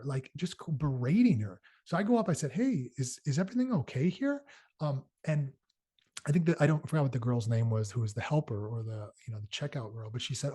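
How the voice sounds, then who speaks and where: A middle-aged man talks casually, as if hosting his own show, in a slightly husky, breathy voice at a middle pitch. He tells stories with plenty of fillers and restarts. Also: mellow. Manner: conversational, storytelling with many fillers and restarts. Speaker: podcast host. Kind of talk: casual solo talk.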